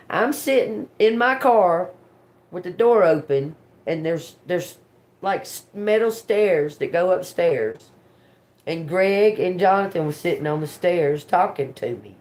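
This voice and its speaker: A woman hosting a tarot livestream, telling a story in a casual, animated way, swearing freely and laughing often. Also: mid-range voice. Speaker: tarot reader livestream host.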